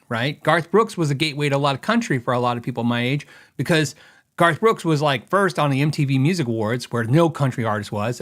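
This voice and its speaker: Opinionated middle-aged man, slightly high voice. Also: a bit bright. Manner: opinionated, rambling, thinks aloud with fillers. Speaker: podcast host. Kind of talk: casual podcast talk.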